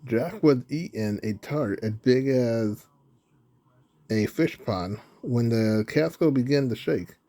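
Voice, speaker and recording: A man narrating a children's storybook in a slow, even reading. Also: mid-range voice.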